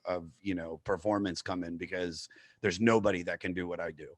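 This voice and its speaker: A low-voiced male comedian talks briskly and in a steady tone as a guest on a casual podcast. He rambles, mocks himself, and swears freely, and the recording sounds dry.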